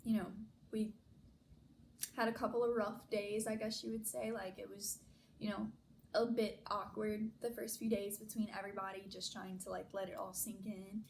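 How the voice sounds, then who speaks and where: A young woman talks straight to her camera in a casual storytime vlog. She is chatty and animated and fills her sentences with "like". A faint hum sits under her voice. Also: mid-range voice, moderate pace, vocal fry, poor audio. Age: young adult. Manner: chatty, many "like" fillers, animated retelling. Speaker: vlogger.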